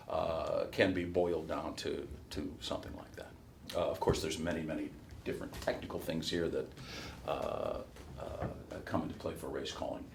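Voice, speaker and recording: A middle-aged man from Chicago with a softened Midwest accent and a flat nasal tone, talking loosely to a workshop audience with many fillers and restarts. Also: low voice, slight background noise. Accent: softened Midwest American. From Chicago, USA. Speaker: race caller giving a workshop. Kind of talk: casual talk to a workshop audience.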